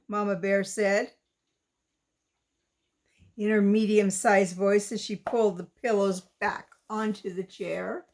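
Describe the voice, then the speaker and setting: Slow, lilting woman reading a children's story. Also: medium pitch, animated. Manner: slow, lilting, asks the young listener questions. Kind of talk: children's story read-aloud.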